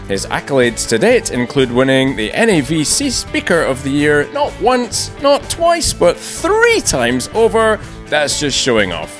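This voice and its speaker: A male podcast host with a lively, swinging delivery and a dry, self-mocking wit. He reads his introduction over faint guitar music, then slips into relaxed, rambling conversation with his guest. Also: mid-range voice. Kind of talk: scripted intro then casual interview chat. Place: large empty echoing conference room.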